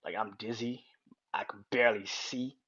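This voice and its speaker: A man's voice: fairly low pitch, fairly even intonation, moderate pace, pushed and bright, breathy edge. A man hosting his own podcast, casually telling a personal story in a rambling, repetitive way, swearing freely and chuckling often. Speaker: podcast host. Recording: dull lo-fi sound.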